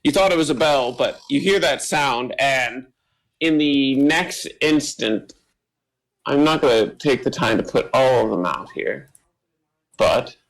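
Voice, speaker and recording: Slow, meandering game master man. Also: medium pitch, animated, vocal fry, low-quality recording. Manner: slow, filler-heavy, meandering. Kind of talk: narrating a tabletop game.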